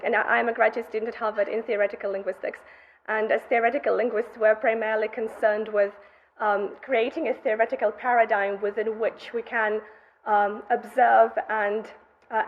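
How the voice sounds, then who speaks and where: A woman's voice: on the high side, a little hiss or hum. A young woman, a graduate student, presenting her research in a methodical academic conference lecture, heard through a dull, muffled recording. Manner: methodical, explanatory delivery.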